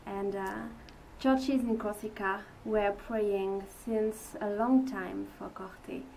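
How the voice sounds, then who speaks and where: Slow-talking French-accented young woman. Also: mid-range voice, fairly even intonation, creaky, dark tone, distant mic, slight background noise, rough recording. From France. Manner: hesitant, many fillers, earnest. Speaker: mission team leader. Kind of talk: testimony to supporters.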